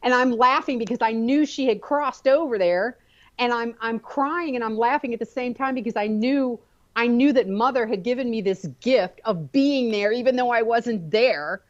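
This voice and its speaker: Expressive woman telling a story on lo-fi audio. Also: fairly high pitch, normal speed. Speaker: guest. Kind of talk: personal storytelling in conversation.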